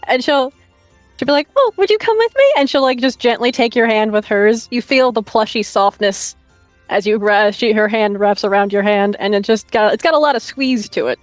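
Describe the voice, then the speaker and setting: A woman's voice: mid-range voice, steady tone, normal speed, no echo, soft background music. A woman playing in a tabletop role-playing game, describing her character's actions hesitantly and with giggles. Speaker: player. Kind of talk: tabletop role-play narration.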